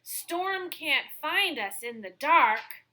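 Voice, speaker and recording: A woman voicing an anxious, bossy farm dog in a storybook, calling out alarms in a hurried voice. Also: high voice, expressive, sharp tone, pitched above the performer's own voice, heavily acted. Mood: eager. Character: panicky high-voiced farm dog, urgent.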